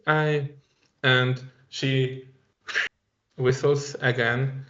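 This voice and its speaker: A man playing in a tabletop game, relaxed and describing his character's actions. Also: mid-range voice, takes it slowly, highs cut off. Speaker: player. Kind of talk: casual tabletop game talk.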